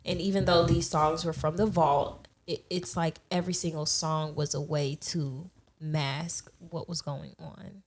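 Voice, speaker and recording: A woman's voice: low-pitched, fairly even intonation, measured pace, hardly any pauses. A woman with a Southern US accent, a podcast guest giving a strong opinion in casual chat.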